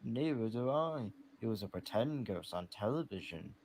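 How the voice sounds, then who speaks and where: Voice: mid-range voice, lively intonation, moderate pace, darkish tone, lightly acted. A young man voicing unpolished talking engines over noisy sound. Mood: plain. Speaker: amateur voice actor playing several characters. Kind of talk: hobby fan-film voice acting. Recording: noisy old fan-film soundtrack.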